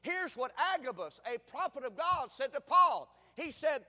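A man preaching a sermon, emphatic, drawing the congregation into call-and-response and rising to shouts. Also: very high voice, sing-song, normal speed. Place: church sanctuary. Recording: reverberant hall.

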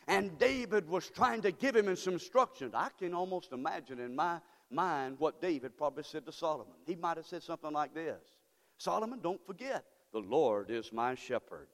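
Male preacher, sermon, fervent, repetitive, call-and-response, highly animated pitch, long church reverb. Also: creaky. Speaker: pastor. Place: church sanctuary.

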